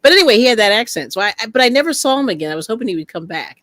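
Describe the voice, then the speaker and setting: A woman hosting a casual craft chat, telling stories in a lively way, laughing often and greeting viewers. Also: a little high, racing, no room sound. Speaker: host.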